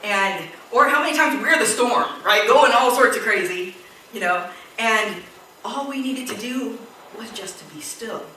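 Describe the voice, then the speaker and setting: A woman preaching a sermon in a church, telling a story with lively quoted voices. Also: fairly high pitch, a little slow, slight background noise. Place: church hall. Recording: echoey church hall, distant mic.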